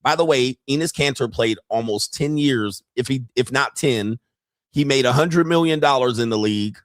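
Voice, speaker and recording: A man's voice: medium pitch, normal speed, dry recording, clean studio sound. A man hosting a casual commentary show, reacting to clips in a profane, mocking way and laughing often. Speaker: host.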